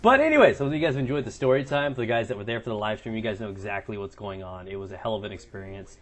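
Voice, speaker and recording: A man's voice: lowish voice, expressive, very fast. A young man doing casual gameplay commentary, telling crude stories in a joking, rambling way and swearing a lot. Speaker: gaming commentator and streamer.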